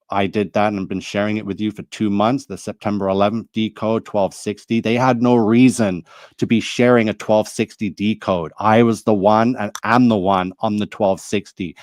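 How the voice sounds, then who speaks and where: Angry man with a low, dry voice. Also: a little mellow, no room sound. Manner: heated, accusing, repetitive. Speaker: video creator. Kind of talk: angry monologue to camera.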